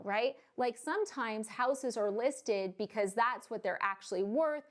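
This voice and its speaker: A woman's voice: on the high side, lively intonation, normal speed, few pauses. A woman mortgage loan officer explaining home buying in a casual, chatty way, tossing in "right?" and "okay?" and joking asides. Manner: jokey asides and acted quotes.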